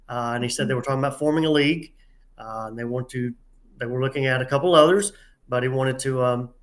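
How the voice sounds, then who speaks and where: A man with a Southern drawl, a referee guest telling stories in an interview, halting with many filler sounds and a folksy, self-deprecating manner. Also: medium pitch, a bit bright. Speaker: head tournament referee, guest. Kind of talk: casual interview storytelling.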